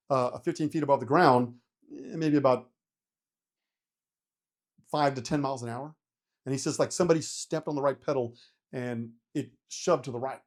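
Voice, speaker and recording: A medium-pitched, middle-aged man who used to fly helicopters tells a story in a relaxed interview. He acts out his own panicked reactions and swears freely.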